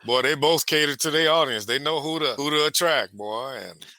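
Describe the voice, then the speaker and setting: A man tells a story in a casual chat, acting out every quoted voice. His voice is very bright and forward, and it sits close and dry with no room sound. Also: on the high side, normal speed, dry recording. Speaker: podcast co-host.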